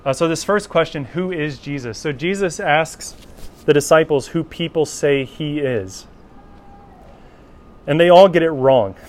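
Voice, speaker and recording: A man teaching a Bible class in an informal lecture, talking conversationally and often checking in with "right?". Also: mid-range voice.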